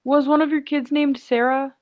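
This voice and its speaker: A woman playing a tabletop game, eager and chatty, asking quick questions. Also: sits high, level tone, no echo, muffled recording. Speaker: player. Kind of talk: casual tabletop play.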